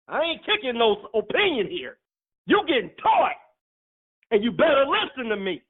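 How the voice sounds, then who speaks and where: A man's voice: very high-pitched, wildly swooping pitch, normal speed, husky. A man preaching a sermon in an emphatic, teasing way, laughing often as he teaches. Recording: tinny phone-like audio.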